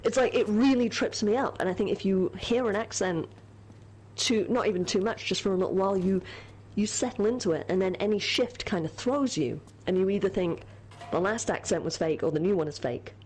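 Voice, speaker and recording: A woman's voice: mid-range voice, brisk, a little mellow, low-quality recording. A British woman chatting casually over a game stream. She talks freely, teases her co-host and laughs often between thoughts. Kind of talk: casual chat over gameplay.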